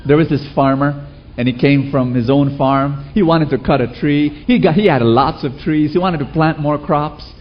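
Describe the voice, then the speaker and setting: This time the preacher's voice sits on the high side and moves at a normal speed, again with lo-fi audio. His sermon draws call-and-response from the congregation as he tells lively stories and asks rhetorical questions.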